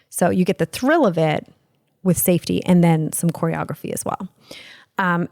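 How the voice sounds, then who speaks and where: A woman's voice: fairly low pitch, darkish tone, no echo, studio quality. A woman hosting a podcast as a relationship expert, talking candidly and casually, swearing freely and acting out little exchanges. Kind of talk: casual explanatory talk.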